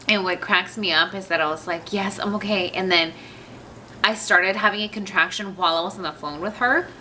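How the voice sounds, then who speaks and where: A young woman sits at home talking to her camera, telling a long personal story in a loose, rambling way full of fillers and asides. Her voice sits a little low but has a bright, forceful edge. Faint room ambience hums behind her. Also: a little hiss or hum. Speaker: vlogger.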